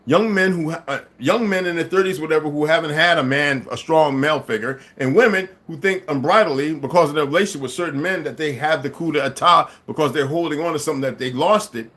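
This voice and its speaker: Talking fast with hardly a pause, this male livestream commentator fires off a combative monologue at his audience. He swings from quiet muttering to loud, forceful outbursts, laughing now and then and repeating words.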